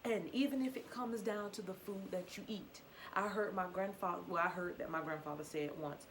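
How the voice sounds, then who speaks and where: A young woman, speaking in a fairly low voice. She talks earnestly and openly about herself, circling back to the same points and asking the listener questions. A faint hum of ambience sits under her voice. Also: steady tone, brisk, hardly any pauses, fairly bright tone, poor audio. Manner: earnest, repetitive and confessional, with rhetorical questions. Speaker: faith vlogger. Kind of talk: candid personal testimony.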